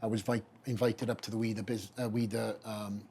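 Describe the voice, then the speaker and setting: Animated Welsh man telling a story. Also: on the low side, a little fast, slight background noise. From Wales. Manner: animated storyteller who acts out quoted voices. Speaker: podcast guest, pro bodybuilder. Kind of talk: storytelling in a podcast interview.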